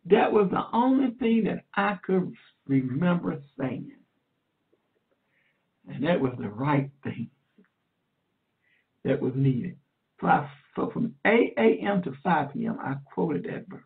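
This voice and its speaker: A woman evangelist teaching a sermon in an earnest, repetitive way, warmly calling her listener "dear heart". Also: sits low, very animated, takes it slowly, creaky, long pauses. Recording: tinny phone line.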